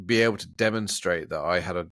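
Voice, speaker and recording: A man's voice: deep voice, quick pace, no room sound, studio quality. A middle-aged man with an English accent, a guest in a casual interview, telling stories with laughter and acting out the voices of people he quotes. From England. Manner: animated, laughs often, acts out quoted voices.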